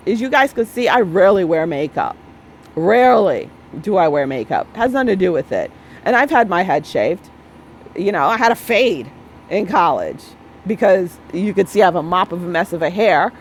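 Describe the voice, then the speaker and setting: A woman's voice: fairly low pitch, lively intonation, normal speed, a little hiss or hum, low-quality recording. A woman in her thirties talking bluntly and emphatically in a casual monologue, repeating her points and often tagging on "okay?". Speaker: spiritual vlogger.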